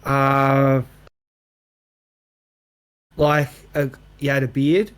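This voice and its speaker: A man's voice: medium pitch, little pitch movement, drawn-out words, fairly bright tone, clear, resonant tone. Hesitant man telling a story. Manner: hesitant, full of "like". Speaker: chat participant. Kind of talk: casual voice chat.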